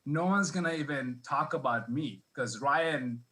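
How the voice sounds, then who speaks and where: Bright-voiced man telling a rambling stand-up story. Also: mid-range voice, unhurried, low-quality recording. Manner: rambling, self-deprecating, many restarts. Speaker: stand-up comic. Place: comedy club stage.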